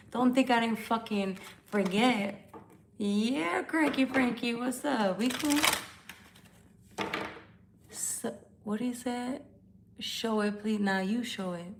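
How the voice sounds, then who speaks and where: A tipsy woman hosts a tarot live stream from home, blunt and profane in her talk. Her voice has a gravelly fry to it. A faint hiss sits under the recording. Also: on the high side. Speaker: tarot reader. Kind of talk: casual live-stream chat.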